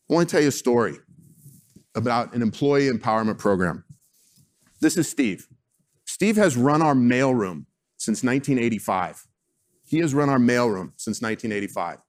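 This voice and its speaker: Man giving an emphatic keynote talk. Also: mid-range voice. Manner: emphatic, animated storytelling. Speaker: sports team executive. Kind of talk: keynote speech.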